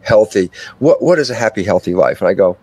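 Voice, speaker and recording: Speaking at a quick pace in a lowish voice, an older man being interviewed lays out his ideas at length. His explanation is expansive and conversational, full of animated storytelling and mini-dialogues he acts out himself.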